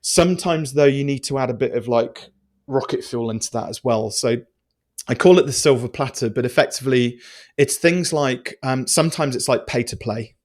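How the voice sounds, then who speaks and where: A man, a podcast guest telling stories in a casual, animated way with many restarts. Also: medium pitch, moderate pace. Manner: animated, chatty storyteller with many restarts and fillers. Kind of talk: casual storytelling interview.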